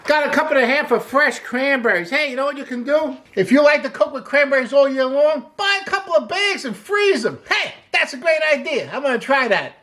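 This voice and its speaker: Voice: sits high, expressive, fairly quick, hardly any pauses, pushed and bright. Upbeat cooking show host. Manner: upbeat, often opens lines with "hey"; jokes and laughs at own asides. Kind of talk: casual cooking demonstration.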